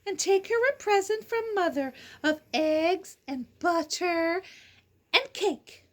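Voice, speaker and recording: A woman's voice: very high-pitched, takes it slowly. A woman doing a polite little storybook girl. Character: kind, unhurried little girl in red hood. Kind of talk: storybook read-aloud.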